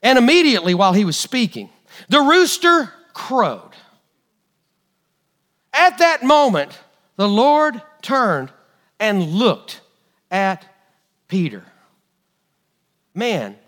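High, bright-voiced animated preacher man. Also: slow, long pauses. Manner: animated storytelling, acting out quotes. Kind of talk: sermon.

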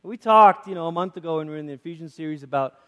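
A man preaching a conversational sermon as a pastor, lively and acting out quoted voices, in a church. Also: a little high, rapid-fire, long reverb tail. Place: church sanctuary.

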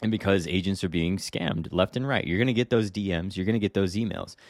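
Man, low deep voice, blunt casual podcast rant, rhetorical questions, dry close recording. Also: a little fast, no room sound. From Hawaii. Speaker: podcast host, real estate agent. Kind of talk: casual solo podcast monologue.

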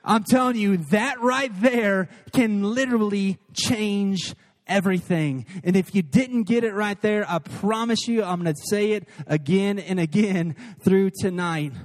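A man in his thirties preaching a sermon at a church service, earnest and animated, with quick asides and slow, emphatic lines. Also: high-pitched. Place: church service before a crowd.

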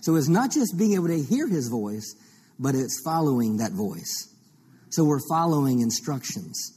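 A man's voice: medium pitch, mellow, husky. A man preaching a teaching sermon as pastor, reading scripture and posing rhetorical questions to the congregation. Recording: long reverb of a large hall.

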